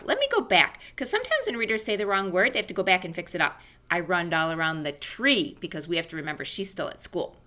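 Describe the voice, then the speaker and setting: A woman teaching an online class for young children from home, animated and sing-song, speaking slowly and carefully. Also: lowish voice. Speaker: elementary school teacher. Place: home room.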